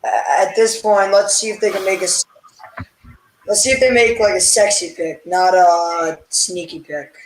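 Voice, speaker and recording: Man, co-host, excitable and blunt, high voice, slow delivery, echoey room. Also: slight background noise. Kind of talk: casual sports chat. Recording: roomy echo.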